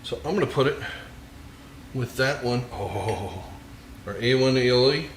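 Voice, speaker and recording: Man, home cooking host, mid pitch, jokey and eager, roomy kitchen sound with a faint hiss. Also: measured pace. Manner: jokey, enthusiastic, savoring food with murmured mms. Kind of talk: casual cooking vlog with tasting.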